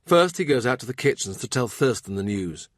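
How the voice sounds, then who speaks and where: A man's voice: mid-range voice, animated, fairly quick, no echo. Man narrating a novel, dry close sound. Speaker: audiobook narrator. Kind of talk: scripted narration.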